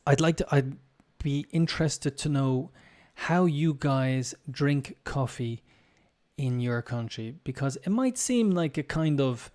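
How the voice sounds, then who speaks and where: A man's voice: mid-range voice, lively intonation, slow, darkish tone. An English teacher with an Irish accent, musing in a casual live-stream chat and talking directly to his viewers. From Ireland.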